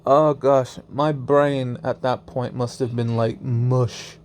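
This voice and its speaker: A man's voice: medium pitch, little pitch movement, takes it slowly, darkish tone. A young man casually telling a strange story as a vlogger, laughing often and swearing freely.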